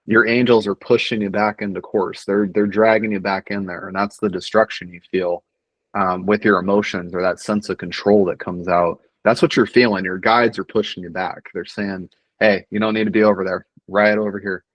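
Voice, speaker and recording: Middle-aged male guest, low voice, dry close sound, earnest and reflective talk. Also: steady tone, normal speed, no room sound, low-quality recording. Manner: earnest, reflective, many fillers and restarts. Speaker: podcast guest. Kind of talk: casual conversation.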